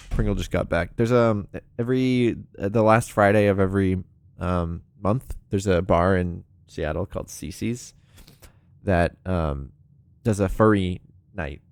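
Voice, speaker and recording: A man with a fairly low voice chats casually on a live stream while playing a puzzle game. He rambles, fills pauses with ums and laughs often. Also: no echo.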